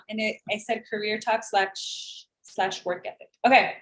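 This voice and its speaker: A woman's voice: a little high, moderate pace. A woman in her thirties co-hosting a casual podcast, telling stories with sarcasm and acting out the voices of other people. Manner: animated storytelling, acts out quoted voices, sarcastic. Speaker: podcast co-host. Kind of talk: casual chat. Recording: echoey room.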